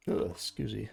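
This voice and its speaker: A man streaming live, chatting casually and thinking aloud as he rambles through tangents with his viewers. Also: darkish tone.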